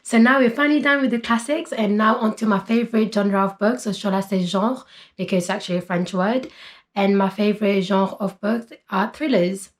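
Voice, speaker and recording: A woman's voice: mid-range voice, brisk. A woman in her twenties, chatting casually about books as a vlogger, full of fillers like "basically" and "like". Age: 20s. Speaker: book vlogger. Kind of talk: casual chat.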